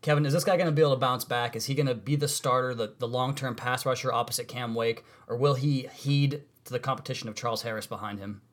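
Male podcast host, rapid casual delivery, chatty sports talk. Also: mid-range voice, steady tone, a bit bright. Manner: fast, conversational, self-correcting.

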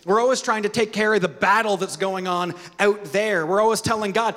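Male pastor, sermon delivery, higher voice, long hall reverb. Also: brisk, hardly any pauses. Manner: storytelling, drops soft and quiet for key points.

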